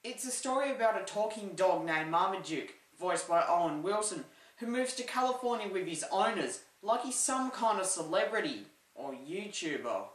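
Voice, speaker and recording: A woman giving a comedic, opinionated movie review with sarcastic deadpan asides. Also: medium pitch, normal speed. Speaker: film reviewer. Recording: roomy echo, distant from the mic.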